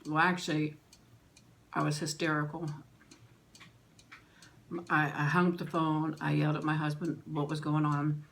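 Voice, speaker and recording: A middle-aged woman vlogger telling a personal story in an emotional, halting way, with pauses and restarts. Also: low voice, monotone, vocal fry, fairly bright tone.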